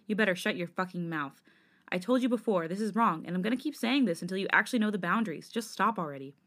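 A woman's voice: medium pitch, lively intonation, quick pace, fairly bright tone. A woman voicing a hot-tempered, protective young man in a fan fiction reading; he snarls harsh, profane retorts. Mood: angry.

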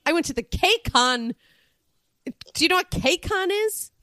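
A woman co-hosting a podcast, telling stories in an animated, casual way with lots of "like" and acted-out quotes. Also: extremely high pitch, takes it slowly, dry recording, clean studio sound. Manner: acts out quoted people in raised voices. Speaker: podcast co-host. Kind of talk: casual chat.

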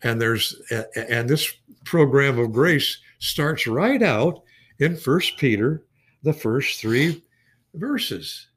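A man's voice: medium pitch, animated, slow pace, a bit bright, husky. A man teaching the Bible in a casual conversation, folksy and emphatic, often restarting his sentences.

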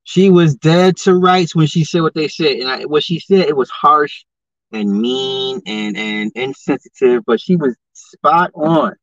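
A man hosting a podcast, giving confrontational social commentary and firing off rhetorical questions, his voice jumping high when he gets heated. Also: measured pace, dry recording. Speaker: podcast host. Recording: dull lo-fi podcast mic, dry.

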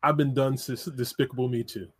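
A man's voice: mid-range voice, steady tone, a little fast, slightly rough. A man co-hosting a casual chat, blunt and matter-of-fact. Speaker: podcast co-host.

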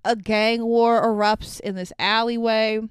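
A woman co-hosting a casual movie review chat, animated and swearing, playing up her confusion and acting out the characters. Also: a little high, measured pace, smooth, no room sound. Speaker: podcast co-host.

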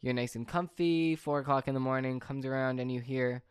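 A young man casually telling a rambling, animated story on a podcast. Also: medium pitch, brisk, smooth, no echo, clean studio sound. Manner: rambling, animated anecdote with fillers and asides. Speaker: podcast speaker.

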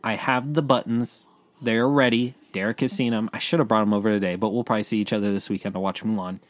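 A man co-hosting a casual entertainment news podcast, chatty and quick to restart his sentences. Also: fairly low pitch, steady tone, no room sound.

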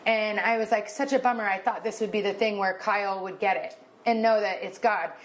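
A woman in her thirties tells a story on a podcast, animated and close to tears. She acts out other people's lines by lifting her voice, and her pitch sits in the middle range. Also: fairly quick. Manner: animated, acts out dialogue in a raised voice. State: emotional, near tears. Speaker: podcast co-host. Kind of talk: casual storytelling chat.

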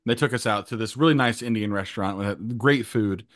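A man co-hosting a casual talk show, loud, joking and boisterous. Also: fairly low pitch, a little fast, no room sound, clean studio sound. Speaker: co-host. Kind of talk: casual chat.

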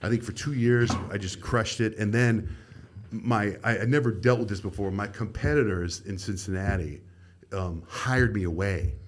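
Lowish-voiced man telling radio stories. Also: normal speed. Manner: animated anecdotes, acting out quoted people. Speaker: radio host telling his career story. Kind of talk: casual podcast storytelling.

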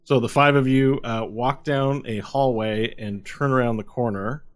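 A man narrating as game master of a tabletop game, describing scenes briskly with fillers. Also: medium pitch, fairly even intonation.

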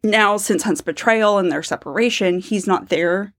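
A woman's voice: mid-range voice, moderate pace. A woman co-hosting a casual book-discussion podcast, laying out her points at length in a thoughtful way. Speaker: podcast co-host.

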